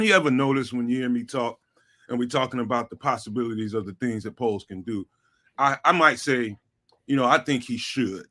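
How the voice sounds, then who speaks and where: A man's voice: medium pitch, bright, forceful tone. A man, guest on a sports talk show, talking casually with lots of slang and repeated fillers. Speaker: guest, network founder.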